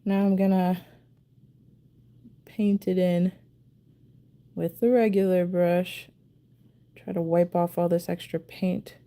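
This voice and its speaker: A woman talks slowly through a casual live stream while she paints her nails. Her voice is low, mellow and gravelly. She mutters to herself with self-deprecating asides as she concentrates. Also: little pitch movement. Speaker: nail art streamer.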